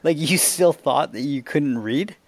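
A man's voice: fairly high pitch, a little slow, dry recording. A man interviewing a guest in casual conversation, prompting with questions and laughing along.

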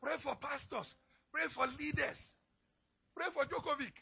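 A male pastor preaching a sermon, swinging from low, quiet murmurs to crying, shouted pleas. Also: steady tone, a little slow, gravelly.

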